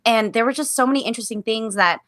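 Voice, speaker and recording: A woman's voice: on the high side, quick pace, fairly bright tone, no echo, studio quality. A woman stage actress talking candidly as a guest on a show, earnest and reflective, often restarting her thoughts. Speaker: musical theater actress, guest. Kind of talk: candid casual conversation.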